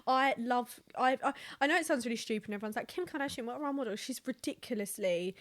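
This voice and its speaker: A woman's voice: fairly high pitch, a bit bright. A woman guest on a podcast in casual chat, telling stories in a chatty way with lots of fillers. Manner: fast, chatty storytelling with many fillers.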